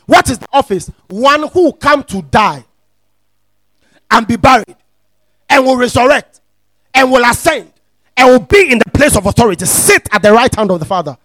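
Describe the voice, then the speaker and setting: A male preacher teaches slowly, repeating key phrases and asking if his listeners are following. His very high voice swings widely, climbing into shouted, sing-song peaks. The sound is dry and close. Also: animated, dry recording. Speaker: pastor. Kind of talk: sermon teaching.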